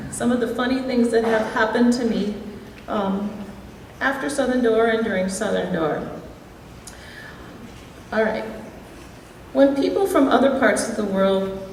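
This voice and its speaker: A woman from Wisconsin with a Midwestern accent giving a reflective, gently humorous award speech as an alumni inductee. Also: on the high side, a little hiss or hum. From Wisconsin, USA. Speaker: alumni hall of fame inductee. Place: large school hall. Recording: echoey hall, voice from far off.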